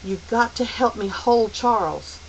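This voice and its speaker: A woman's voice: fairly high pitch, measured pace, muffled recording, a little hiss or hum, pitched above the performer's own voice. A woman voicing an athletic teenage boy who speaks bluntly and firmly. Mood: determined. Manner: blunt, firm.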